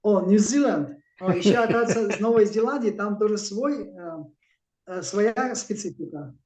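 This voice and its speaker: A man's voice: high-pitched, normal speed, a little mellow. A man whose first language is Russian, chatting on a call and asking questions with many fillers. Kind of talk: casual chat. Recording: echoey, from far off the mic.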